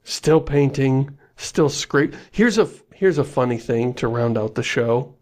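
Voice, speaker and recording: A man's voice: mid-range voice, animated, a little slow, a little mellow. A man co-hosting a podcast in casual chat, jokey and self-mocking, laughing often. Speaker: podcast co-host.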